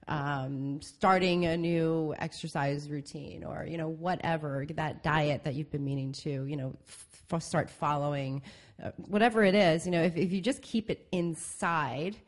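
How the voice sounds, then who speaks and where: A woman with a somewhat low voice co-hosts a casual advice chat. She is playful and teasing and swears casually. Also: fairly even intonation, normal speed. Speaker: podcast co-host.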